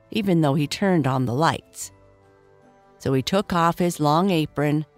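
A woman gently reading a children's story aloud in an expressive, unhurried way. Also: sits low.

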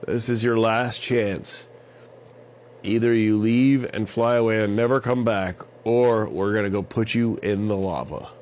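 A man's voice: fairly low pitch, steady tone, a little slow, darkish tone, lightly acted. A man voicing a nice but firm elf who warns intruders in a slightly raised voice. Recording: slightly dull lo-fi sound with faint hiss.

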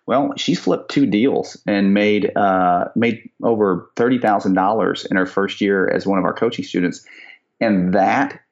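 A man's voice: on the low side, unhurried, dull audio. A man coaching real estate students, telling stories in a rambling way with many restarts, on a call recording. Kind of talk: casual podcast chat.

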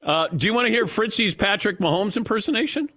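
Teasing middle-aged radio host. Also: male voice, sits high, animated, fast talker, pushed and bright. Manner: teasing, laughs a lot. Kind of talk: casual radio talk.

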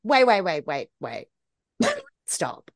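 A woman's voice: lowish voice, huge pitch swings, takes it slowly, creaky, no echo, studio quality. A woman guest on a political podcast, blunt and sweary, laughing often. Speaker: guest activist. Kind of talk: casual political chat.

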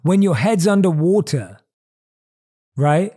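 Mellow-voiced man giving a reflective talk. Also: high-pitched, takes it slowly. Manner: calm, repeats phrases for emphasis, asks the listener questions. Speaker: podcast host.

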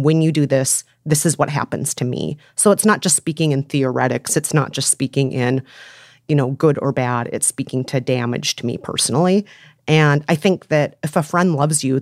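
A woman's voice: low voice, a little mellow, no room sound, studio quality. A woman co-hosting an advice podcast, chatting with empathy and emphatic repetition. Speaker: podcast co-host. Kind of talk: casual advice chat.

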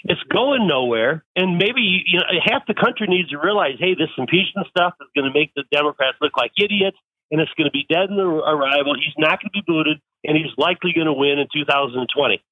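A man calls in to a talk radio show and talks in halting, stammering bursts. His voice is fairly high and comes through a thin, tinny phone line. The sound is dry, with no room around it. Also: no room sound. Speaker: caller. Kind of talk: call-in conversation.

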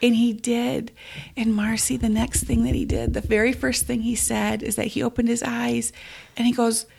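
A middle-aged woman, a guest on an interview, telling stories in a tender, reflective way with many pauses. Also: a little high, level tone, vocal fry, darkish tone, husky. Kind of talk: interview conversation.

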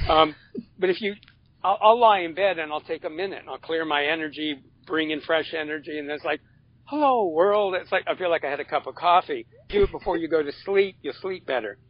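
A man who is a guest on a podcast, talking about coaching in an animated way, acting out little quotes and restarting his phrases. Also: on the high side, breathy edge, no echo, muffled recording. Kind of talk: casual interview chat.

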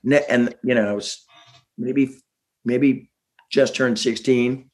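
A middle-aged man chatting as a guest, animated and laughing, slipping into quick voices as he tells stories. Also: medium pitch. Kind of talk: casual chat, storytelling.

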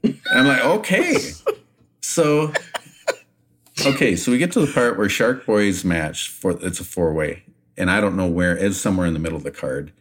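A man co-hosting a podcast, telling a backstage anecdote in a casual, animated way and laughing often. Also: low-pitched, a little fast. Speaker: podcast co-host, retired wrestler. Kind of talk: casual storytelling.

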